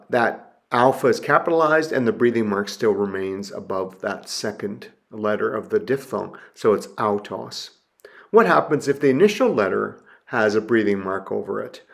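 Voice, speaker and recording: A man giving a recorded lecture as a Greek teacher, talking slowly and deliberately and repeating each word to model its pronunciation, with frequent fillers and restarts. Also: fairly low pitch, gravelly.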